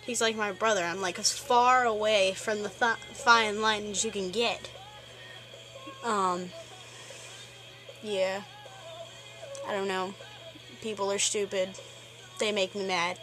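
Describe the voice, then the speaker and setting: A woman's voice: medium pitch, fairly even intonation, slow pace, pauses often, music in the background, poor audio. A teenage girl ranting in a rambling, exasperated way, full of fillers. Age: teens. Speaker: vlogger. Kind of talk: ranting vlog.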